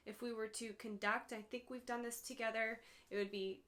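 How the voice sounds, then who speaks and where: A woman's voice: on the high side, fairly even intonation, moderate pace, few pauses, fairly bright tone. A woman music teacher giving a patient, step-by-step lesson to one student, chanting rhythm syllables as she counts beats.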